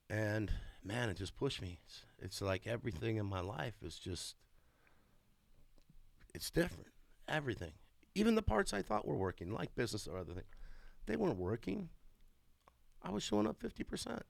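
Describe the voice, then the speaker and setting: A man in his forties giving a candid, emotional testimony about his marriage and family, swearing freely and swinging into excited bursts. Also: lowish voice, normal speed, vocal fry, no room sound. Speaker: father sharing his story.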